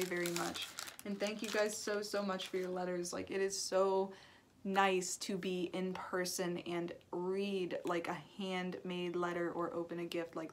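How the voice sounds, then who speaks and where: A young woman chatting casually as she opens fan mail, gushing and excited, with lots of "like"s and happy exclamations. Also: on the low side, slight background noise. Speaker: YouTuber opening fan mail. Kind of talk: casual chat. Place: indoor studio. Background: paper crinkling and clicks.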